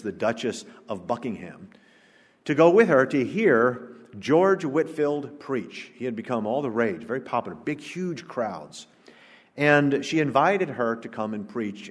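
A man, preaching an emphatic, rhetorical sermon to a congregation, swinging between loud declarations and low asides. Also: husky. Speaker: pastor. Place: church sanctuary, preaching to a congregation. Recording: long church-hall reverb.

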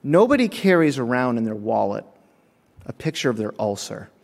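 A man preaching a sermon, telling lively stories with acted-out voices and frequent chuckles, in a church. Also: medium pitch, moderate pace, creaky. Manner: animated storytelling, acts out voices, chuckles often. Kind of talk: sermon with humorous anecdotes. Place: church sanctuary. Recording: long reverb of a church sanctuary.

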